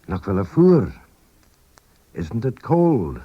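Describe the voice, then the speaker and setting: A deep-voiced man teaches a radio language lesson at an unhurried pace, going over each phrase with care. His voice is mellow and slightly husky, and his pitch rises and falls in a lively way. The sound is a dull 1980s radio recording. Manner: careful, repeats each phrase slowly then at normal speed.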